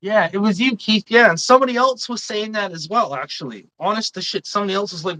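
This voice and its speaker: A woman's voice: medium pitch, fast talker, bright, forceful tone, no room sound, low-quality recording. Woman ranting on a live stream, swears constantly, dry close mic. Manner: swears a lot, indignant and opinionated. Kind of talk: casual live stream chat.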